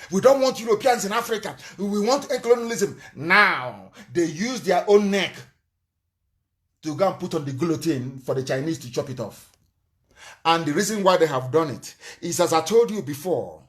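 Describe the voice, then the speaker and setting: A man giving a fiery live broadcast lecture, scornful and emphatic, often spelling words out letter by letter. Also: on the high side. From Nigeria. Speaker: political movement leader.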